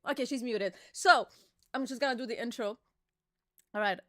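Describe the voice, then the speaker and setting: Woman streamer, high and bright, playful bickering live-chat host. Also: normal speed.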